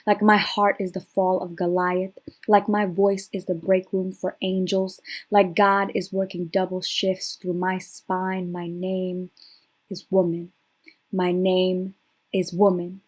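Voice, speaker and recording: Woman, spoken word poet, measured incantatory delivery, unhurried pace, mid-pitched voice. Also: darkish tone. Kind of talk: spoken word poetry performance.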